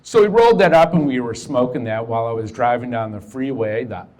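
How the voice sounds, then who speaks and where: A man's voice: medium pitch, a little fast, darkish tone. A middle-aged man telling a personal story in a casual, profane way, acting out the dialogue as he goes.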